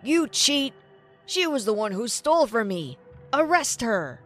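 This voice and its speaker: An angry pawn shop owner shouts accusations and threats, read by a woman narrator. The voice sits high, and soft music plays behind it. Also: lively intonation, moderate pace. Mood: accusing. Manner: loud, accusing and demanding.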